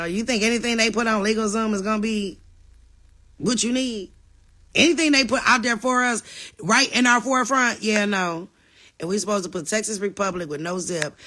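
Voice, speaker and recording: A woman's voice: medium pitch, bright, forceful tone. A middle-aged woman hosting a livestream, casually reading and answering viewer comments and addressing them as y'all.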